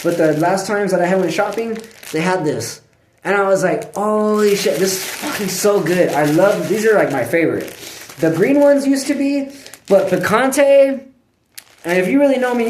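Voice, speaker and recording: A man vlogging in casual chat, rambling and swearing, full of filler words and frequent throat clearing. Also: high voice, slight background noise. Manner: clears his throat often. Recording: echoey room.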